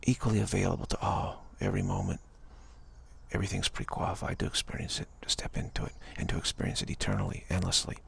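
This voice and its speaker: Man, spiritual talk, rambling, gentle, low pitch, husky. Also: fairly even intonation, fast. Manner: rambling, gentle, repetitive phrasing with frequent "you know". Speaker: spiritual speaker.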